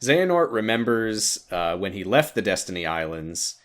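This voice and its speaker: A young man co-hosting a casual chat, retelling a game's story with lively jumps into voices and frequent laughs. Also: on the low side, normal speed. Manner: animated, jumps into voices for quoted lines, laughs often. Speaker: podcast co-host recapping a game story.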